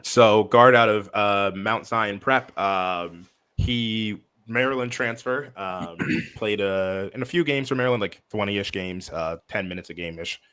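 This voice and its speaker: A man's voice: fairly low pitch, unhurried, fairly bright tone, clean tone. A young man co-hosting a casual basketball podcast, rambling with lots of fillers and restarts. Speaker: podcast co-host. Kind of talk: casual sports podcast chat.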